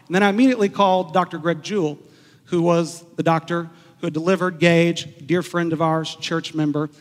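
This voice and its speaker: A man preaching a sermon as pastor, earnest and storytelling, slowing down to stress key words. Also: fairly high pitch, fairly even intonation, long reverb tail.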